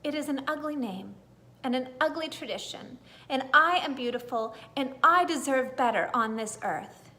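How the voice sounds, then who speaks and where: A woman's voice: high voice, lively intonation, normal speed, bright, forceful tone, full character voice. A woman voicing a young garden flower girl who speaks earnestly and pleads her case in a storybook reading.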